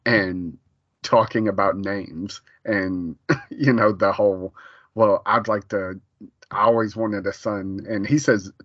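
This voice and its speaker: Chill guy on a podcast, laughs a lot, kinda low voice, dull dry sound. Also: slow, dry recording. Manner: laughing often, relaxed. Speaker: podcast co-host. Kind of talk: casual chat.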